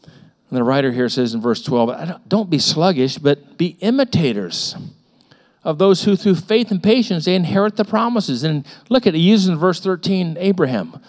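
A middle-aged male pastor delivering a sermon with a somewhat high voice. He tells personal stories in an animated way, repeating words and slipping into the voices of the people he describes. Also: normal speed. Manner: animated storytelling with frequent repetitions and acted-out voices.

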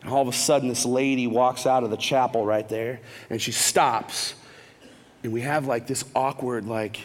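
A man giving a casual, animated testimony at a church, full of slang asides and quick restarts. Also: mid-range voice, slight background noise. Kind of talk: sermon testimony storytelling. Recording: long reverb of a large hall.

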